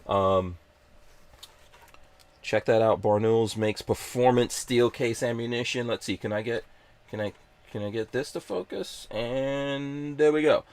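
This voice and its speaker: A man's voice: mid-range voice, a little slow, darkish tone. A man hosting a live podcast stream, chatting casually in an upbeat, joking, rambling way. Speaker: podcast host.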